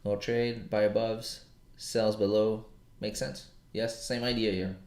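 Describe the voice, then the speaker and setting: A man's voice: on the low side, level tone, measured pace, darkish tone, roomy sound. A man casually chatting with viewers as he works through charts on a live trading stream. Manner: casual, talks to viewers while working charts, slang-heavy. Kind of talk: live trading session chat.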